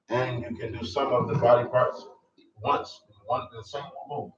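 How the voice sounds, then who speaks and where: An Islamic studies teacher, a man with a medium-pitched voice, speaks at normal speed in a flat way while a crowd murmurs behind him. He reads lines of a religious text in Arabic, then explains them in English, hesitating often. The recording sounds distant, echoey, dull and noisy.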